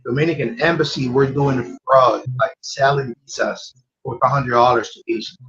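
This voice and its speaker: A man's voice: medium pitch, steady tone, moderate pace, dull audio. A man answering on a casual podcast in a hesitant way, repeating himself and stumbling over his words.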